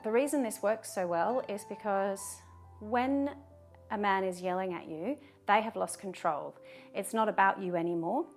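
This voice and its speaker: A woman talking to camera in a video, giving calm, measured advice and turning firm when she gives short commands. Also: medium pitch, faint music behind. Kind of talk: direct-to-camera advice talk.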